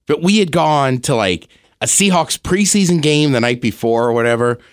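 A man's voice: on the high side, animated, normal speed, dry recording, studio quality. A man co-hosting a podcast in casual chat, a skeptical storyteller who laughs often. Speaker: podcast co-host.

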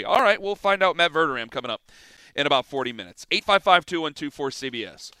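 A man hosting a sports radio show from a studio, talking in an animated, excitable way that jumps between topics. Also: sits high, brisk, clear, resonant tone, dry recording. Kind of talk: casual sports talk chat.

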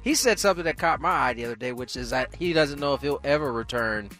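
A man's voice: mid-range voice, lively intonation, fast talker, fairly bright tone, faint music behind. A man on a sports debate panel who restarts his thoughts with fillers, then lays out his points emphatically.

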